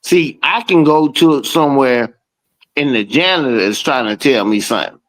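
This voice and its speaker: A man in a casual podcast chat, talking while he eats, animated and full of swearing. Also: medium pitch, normal speed, poor audio. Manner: profane, animated, talks while eating. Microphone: streaming call.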